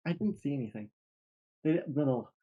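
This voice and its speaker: A woman's voice: low-pitched, lively intonation, a little fast, breathy edge, highs cut off. A woman in casual, playful chat as a player in a tabletop game.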